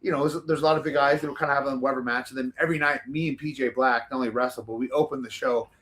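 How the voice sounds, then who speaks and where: A man telling casual, animated stories as a talk show guest, rambling with lots of fillers and restarts. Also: medium pitch, racing.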